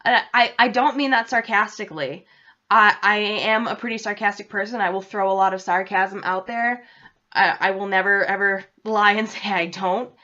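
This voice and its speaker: A woman's voice: medium pitch, normal speed, sharp tone. Chatty young woman vlogger, lo-fi. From New England. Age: young adult. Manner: rambling, chatty, self-interrupting. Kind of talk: casual vlog chat. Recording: dull lo-fi home recording.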